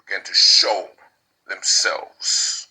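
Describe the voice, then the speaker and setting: A man delivering spiritual preaching in a somewhat low, husky voice with a hard, tense push behind it. He repeats his phrases over and over like incantations and mixes in coarse slang. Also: steady tone, takes it slowly, bright, forceful tone, rough recording.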